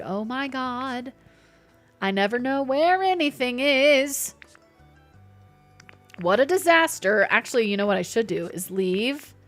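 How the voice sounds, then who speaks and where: A young adult woman chatting casually while streaming a game, playful and talkative as she reads chat aloud. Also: a little high. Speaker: livestreamer.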